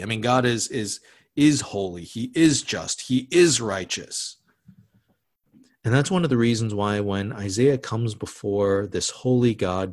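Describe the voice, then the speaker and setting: A man preaching a sermon as pastor, conversational, often restarting and adding asides, dropping to a hush on solemn words. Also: fairly low pitch.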